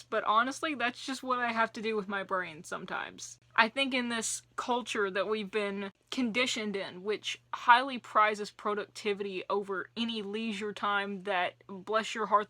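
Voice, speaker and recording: A young woman talking to camera in a casual book vlog, chatty and animated with playful asides. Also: medium pitch, no room sound. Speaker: book vlogger.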